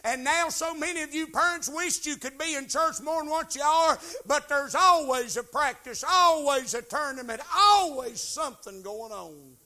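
A preacher delivers a sermon from a church, his voice very high and bright. He pleads with the congregation, climbing to shouted questions before sinking back to hushed, earnest tones. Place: church sanctuary.

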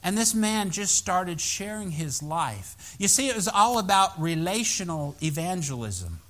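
Bright-voiced preacher telling a story. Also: male voice, high-pitched, unhurried. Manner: animated storytelling with emphatic rises. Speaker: pastor. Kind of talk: sermon. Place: church.

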